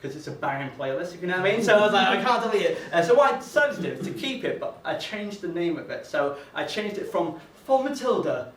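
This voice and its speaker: A man's voice: high voice, big pitch swings, quick pace, hardly any pauses, fairly bright tone, slight background noise. A young man from Northern England performing a rambling, self-deprecating stand-up comedy set on a venue stage, with lots of stammered restarts. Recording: roomy, distant mic with faint venue ambience.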